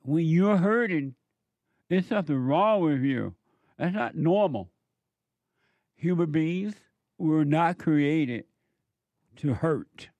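A man's voice: on the high side, expressive, slow, pauses often, darkish tone, no echo, dull audio. A male counselor delivering a preachy monologue, firing off emphatic rhetorical questions in a scolding tone.

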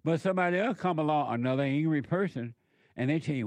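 A man's voice: a little high, fast talker, a little mellow, dry recording. A man delivering a preaching monologue, emphatic and repetitive, full of rhetorical questions.

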